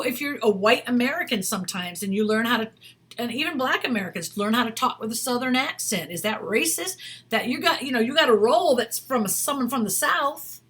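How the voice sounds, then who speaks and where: A woman's voice: fairly high pitch, fairly bright tone, breathy edge. A woman acting coach giving chatty, emphatic career advice straight to camera, repeating her points. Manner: chatty and emphatic, with many restarts and repetitions. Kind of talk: casual advice video.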